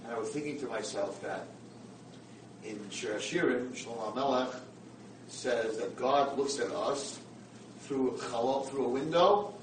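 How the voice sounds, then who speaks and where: A man giving a sermon-style lecture, telling a story in an animated, emphatic way. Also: mid-range voice, unhurried. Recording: roomy, far from mic, background noise.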